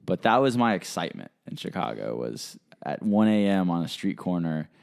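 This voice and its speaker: Young male podcast host, very low voice, animated casual storyteller. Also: moderate pace, gravelly. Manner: animated storyteller who acts out quotes in a higher voice.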